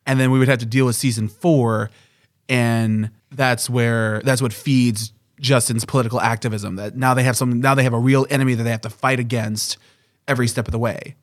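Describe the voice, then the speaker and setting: A man's voice: medium pitch, fairly even intonation, a little fast, no echo, studio quality. A man co-hosting a podcast, talking things through in a thoughtful, analytical way. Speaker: podcast co-host. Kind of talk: casual chat.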